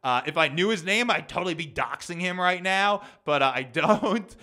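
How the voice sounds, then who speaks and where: A young man with a fairly high, bright voice, hosting his own podcast. He talks in a casual, heated rant and swears freely as he vents. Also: animated, moderate pace, hardly any pauses. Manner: heated, ranting, profane. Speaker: podcast host and comedian.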